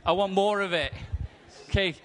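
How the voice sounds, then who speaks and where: A man teaches with bright enthusiasm, his voice sitting high for a man. He talks through photos to a gathered crowd, and the sound rings with the long reverb of a large hall. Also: normal speed. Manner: animated, enthusiastic storytelling with laughter. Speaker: teacher at a ministry school. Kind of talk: sermon-style teaching with slides.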